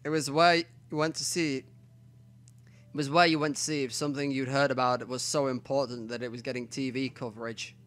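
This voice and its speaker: Hosting a let's play, a man reads a visual novel aloud and mutters quietly to himself between narrated passages. His mid-range voice is flat and fairly quick.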